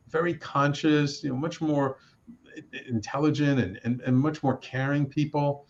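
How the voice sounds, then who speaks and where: Animated man telling a story, slightly dull sound. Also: on the high side, moderate pace. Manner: animated, acts out quoted voices, frequent restarts. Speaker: guest, radio network producer and host. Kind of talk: storytelling in a casual interview.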